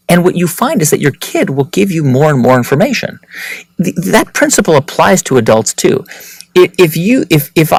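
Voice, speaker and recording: A man speaking as an interview guest, animated and often restarting his sentences. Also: a little high, no echo, low-quality recording. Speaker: podcast host and author, interview guest. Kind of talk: conversational interview.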